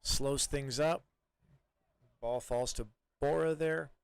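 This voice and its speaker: A man doing live play-by-play soccer commentary in a relaxed, chatty way, with many fillers and restarts. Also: medium pitch, takes it slowly, vocal fry, clean tone, no room sound.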